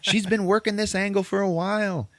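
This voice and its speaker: A man's voice: sits high, fairly even intonation, fairly quick, a bit bright, no echo, pitched above the performer's own voice. A man putting on a small male sidekick thief who pleads and coaxes in a whiny tone. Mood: pleading. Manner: coaxing, whiny.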